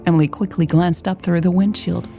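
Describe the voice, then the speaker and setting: A woman narrating a romance story in a steady, unhurried scripted reading. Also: on the low side, faint music behind. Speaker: audiobook narrator.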